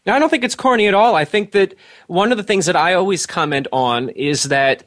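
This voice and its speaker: A man's voice: sits high, a little fast, fairly bright tone. A man with a Philadelphia accent hosting an interview, earnestly steering the conversation. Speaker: host. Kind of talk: interview questions.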